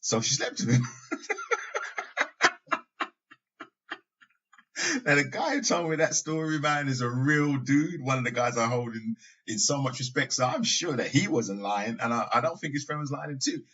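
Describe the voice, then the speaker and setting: A man's voice: mid-range voice, lively intonation, brisk, a bit bright, slightly rough. A man hosting a podcast, talking in a casual, conversational monologue with asides and occasional laughs. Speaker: podcast host. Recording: dull lo-fi sound.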